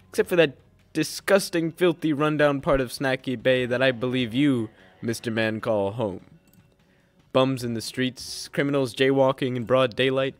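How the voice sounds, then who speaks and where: A man doing a booming, pompous villain mayor. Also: fairly bright tone, natural voice. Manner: grandiose, booming, theatrical. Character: pompous scheming male city mayor villain. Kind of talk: comedic audio drama.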